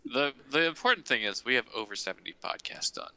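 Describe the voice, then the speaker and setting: A man's voice: medium pitch, sing-song, fast talker, pushed and bright, clean tone, poor audio. A man co-hosting a podcast in casual chat, easygoing and hedging his words with "like". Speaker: podcast co-host.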